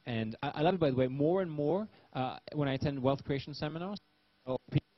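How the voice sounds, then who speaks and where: A man's voice: on the high side, fast talker. Guy giving a seminar talk, lots of uh and restarts, kinda muffled lo-fi sound. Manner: rambling, many restarts and fillers. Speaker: seminar presenter.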